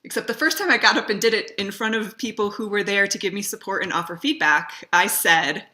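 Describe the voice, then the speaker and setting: Bright-voiced woman giving video advice. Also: medium pitch, brisk, hardly any pauses. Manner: conversational, stresses words for emphasis. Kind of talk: casual direct-to-camera talk.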